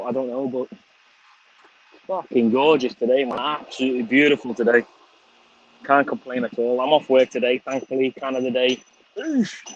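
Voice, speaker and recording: A man's voice: medium pitch, a little hiss or hum. A middle-aged man with a Scouse accent chatting casually on an outdoor livestream, swearing freely and thanking viewers by name. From England. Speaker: vlogger. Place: outdoors on a windy sunny day. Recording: slightly dull lo-fi stream audio.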